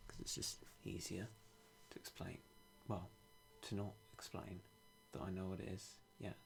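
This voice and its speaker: A young British man streaming a game, talking in a hushed, half-whispered way with dry self-mocking humour. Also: low voice, wildly swooping pitch, a little slow, vocal fry, slight background noise. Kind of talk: quiet live-stream game commentary.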